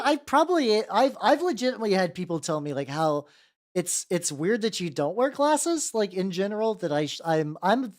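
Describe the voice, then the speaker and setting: Lively streamer, rambling while painting. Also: medium pitch. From United States. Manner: rambling, swears freely, talks to chat, trails off mid-thought. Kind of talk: casual livestream chat while painting.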